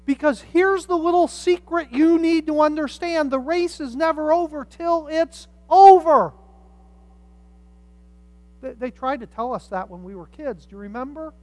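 A pastor preaching a sermon, telling stories with humorous asides and swinging from quiet reflection to loud emphasis. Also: high-pitched. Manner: animated storytelling with humorous asides.

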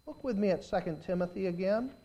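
A man preaching a sermon as pastor, swelling into loud, stretched-out emphasis and then dropping back to a conversational tone. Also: sits high, lively intonation. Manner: preaching with surges of volume and drawn-out emphasis.

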